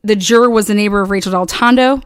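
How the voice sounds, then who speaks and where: A woman's voice: medium pitch, quick pace, clean tone, no echo. A woman hosting her own channel, delivering a heated, profane, combative rant at her critics. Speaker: channel host. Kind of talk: angry livestream rant.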